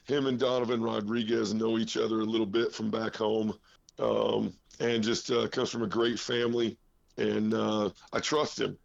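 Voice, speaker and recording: A man coaching college basketball talks while out of breath, his voice deeply gravelly and full of fry. He rambles through fillers and restarts and cracks self-deprecating jokes. The sound is dull and lo-fi. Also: level tone, moderate pace. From Iowa, US. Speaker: head basketball coach, guest. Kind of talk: casual phone interview.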